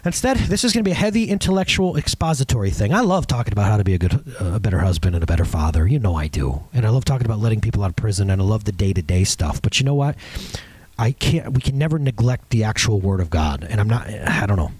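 A man preaching a conversational sermon as pastor, animated and off-the-cuff, with many restarts and asides. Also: on the low side, fast talker, slightly rough, no room sound.

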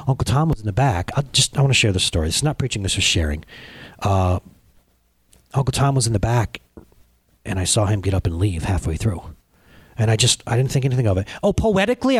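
With a husky, mid-range voice, a male pastor in his 30s tells a personal story in an animated, conversational sermon and addresses his congregation directly. The recording is dry.

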